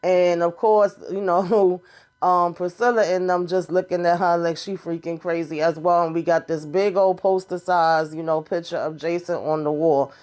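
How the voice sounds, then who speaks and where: A woman's voice: fairly low pitch, steady tone, moderate pace, darkish tone. A woman casually recapping a TV episode, blunt and sassy, swearing freely as she retells the scenes.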